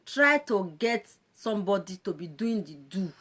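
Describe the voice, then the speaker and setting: This woman's medium-pitched voice has a breathy edge and a measured pace. As a social media presenter with a Nigerian Pidgin English accent, she talks animatedly and playfully in a casual live stream, frequently laughing and exclaiming.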